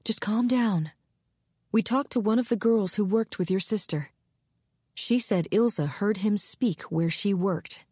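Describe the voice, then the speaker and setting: A woman narrator voicing an experienced female investigator who speaks in a calm, soothing, subdued way. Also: mid-range voice, unhurried, breathy edge, dry recording, studio quality.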